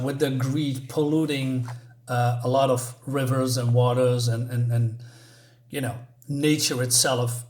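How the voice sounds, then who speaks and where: A man giving a casual spoken comic book review, rambling with lots of fillers and restarts. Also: mid-range voice.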